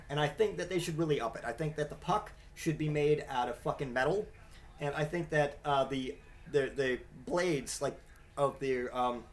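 An adult father hosts his own podcast in a rambling, comedic rant, swearing almost every other word. His voice sits on the high side, with a little hiss or hum in the recording.

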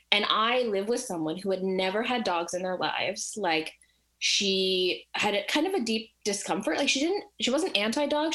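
A woman telling a personal story in casual chat, animated and acting out the voices of the people in it. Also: medium pitch.

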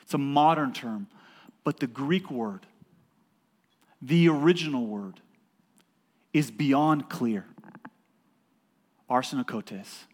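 A man preaching a sermon as a pastor in a church, emphatic and building to loud peaks, with joking asides to the congregation. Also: mid-range voice, lively intonation, takes it slowly, pauses often.

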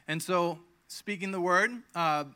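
A man's voice: sits high, fairly even intonation, unhurried, sharp tone, clear, resonant tone. A man in his thirties preaching a conversational sermon, telling his own healing story and acting out quoted lines with emphasis. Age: 30s. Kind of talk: sermon with personal testimony.

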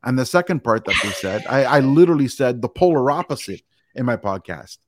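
A man hosting a podcast, telling stories in a relaxed way, full of fillers and asides. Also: mid-range voice, brisk, dry recording. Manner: relaxed storytelling with frequent fillers like "it's like". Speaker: podcast host. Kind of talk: casual podcast chat.

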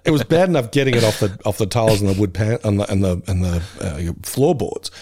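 A man's voice: fairly low pitch, animated, fast talker, dark tone. A man chatting casually as a podcast co-host, rambling with fillers and frequent laughter. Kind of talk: casual chat.

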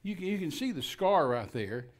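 Man with a fairly high voice telling a wild story on a talk show, acts it all out. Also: moderate pace. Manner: animated storyteller, acts out scenes. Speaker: minister and guest speaker.

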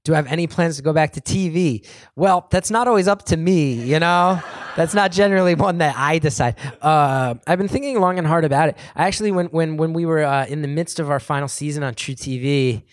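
A man's voice: a little high, fairly quick, dry recording, clean studio sound. A man in his late thirties, a comedian answering audience questions in a rambling, self-deprecating way, with lots of "like" and restarts. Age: 30s. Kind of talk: casual rambling Q&A talk. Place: live venue with an audience.

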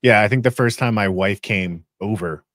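Eager low-voiced man chatting about games. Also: moderate pace, a bit bright, no echo, clean studio sound. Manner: enthusiastic, many restarts and fillers. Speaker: podcast co-host. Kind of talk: casual chat.

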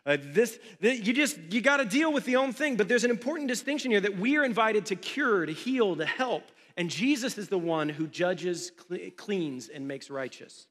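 A pastor giving a conversational sermon, often asking the congregation questions. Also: male voice, sits high, lively intonation, normal speed, fairly bright tone. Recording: long hall reverb.

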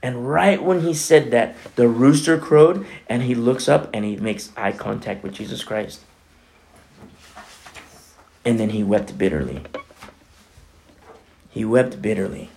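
A man preaching a sermon as pastor, animated and conversational, swinging between loud and hushed. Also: medium pitch, unhurried, creaky, long pauses, slight background noise. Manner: conversational, with many fillers like "you know" and "like".

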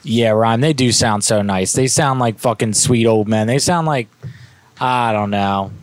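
A man's voice: mid-range voice, unhurried, no echo. A man who is a prank caller and podcast host, talking in loose, profane, casual chat.

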